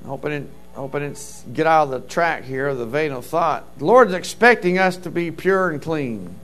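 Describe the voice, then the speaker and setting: A man's voice: fairly high pitch, expressive, moderate pace, fairly bright tone. A middle-aged man preaching a sermon as a pastor, telling stories with fervent interjections of praise.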